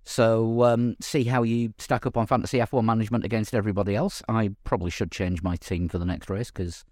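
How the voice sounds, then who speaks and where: A man hosting a casual podcast chat, talking in a halting way with many ums and restarts. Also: on the low side, fairly even intonation, darkish tone, no echo, studio quality. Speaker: podcast host.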